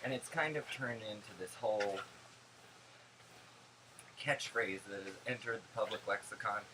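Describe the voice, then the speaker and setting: A young man telling stories in a casual vlog, animated, gossipy and sarcastic. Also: fairly low pitch, normal speed, background noise. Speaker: vlogger.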